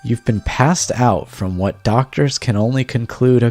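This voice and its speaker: A man's voice: mid-range voice, a little slow, darkish tone. A man streaming a text game, commenting on it with wry amusement.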